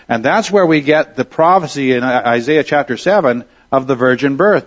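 A man's voice: medium pitch, expressive, normal speed, hardly any pauses. Man teaching scripture on a dull recording. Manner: explanatory, checks in with "all right?". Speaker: Bible teacher. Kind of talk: classroom Bible teaching.

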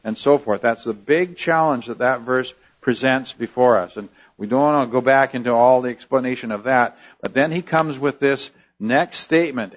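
A man's voice: mid-range voice, normal speed, few pauses, dull audio. A man preaching an expository sermon in a teacherly way, explaining word roots with many fillers and restarts.

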